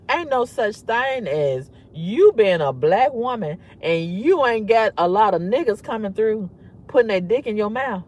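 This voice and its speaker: A woman with a husky voice, telling a story to camera in a blunt, emphatic, often repetitive way. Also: mid-range voice, a little hiss or hum. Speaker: vlogger. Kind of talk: candid storytelling rant.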